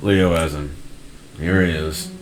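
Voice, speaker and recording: A man's voice: a bass voice, fairly even intonation, slow. A man voicing Carl, a blunt foul-mouthed furry buddy. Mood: gruff. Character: crude hungry grumpy young male furry friend.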